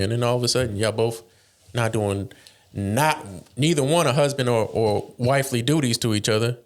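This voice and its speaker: A man co-hosting a podcast in casual chat, telling animated stories, acting out quoted lines and laughing often. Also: medium pitch, normal speed. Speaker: podcast co-host.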